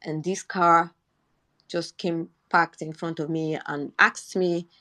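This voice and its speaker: A woman's voice: lowish voice, fairly even intonation, slow, bright, forceful tone. A young Nigerian woman with a Nigerian accent, telling a personal story in earnest in a live audio chat. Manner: earnest storytelling, rising indignation when quoting herself. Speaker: Twitter Space speaker.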